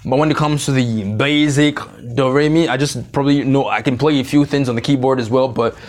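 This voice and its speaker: A man preaching a sermon, slow and emphatic in scripture, then joking and confessional with the congregation. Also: medium pitch, fairly even intonation. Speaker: pastor. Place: church service, streamed online.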